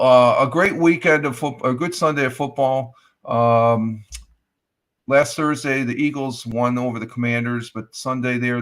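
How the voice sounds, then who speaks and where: A man hosting a casual morning livestream, rambling with many fillers and reading the chat aloud. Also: mid-range voice. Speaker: livestream host. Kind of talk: casual live-stream chat.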